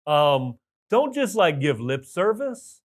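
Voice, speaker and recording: A man giving a motivational talk to business owners, energetic with loud bursts of enthusiasm and emphatic repetition. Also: fairly high pitch, slow. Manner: emphatic repetition of key points. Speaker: business coach.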